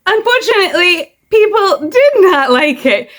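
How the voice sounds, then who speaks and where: A woman's voice: very high voice, very animated, a little slow. A woman with an American Midwestern accent, earnestly explaining herself in a casual vlog, sometimes stumbling over her words. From Midwestern United States. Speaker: content creator.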